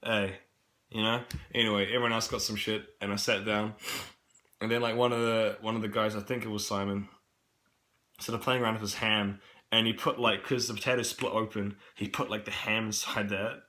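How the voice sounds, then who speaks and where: A young man with a New Zealand accent tells a rambling vlog story, full of fillers and swearing. His voice sits a little low but sounds bright and forceful. A cold leaves him coughing now and then. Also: flat delivery, a little fast. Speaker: camp worker vlogging. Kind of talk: casual rambling vlog monologue.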